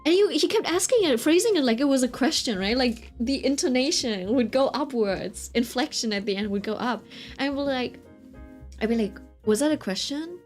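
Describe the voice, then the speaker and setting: Young woman rambling through a story, slightly high voice, lots of "like" and "right?", faint music behind. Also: animated, moderate pace. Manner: chatty, many fillers like "like" and "right?", laughs often. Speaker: vlogger. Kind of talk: casual storytelling.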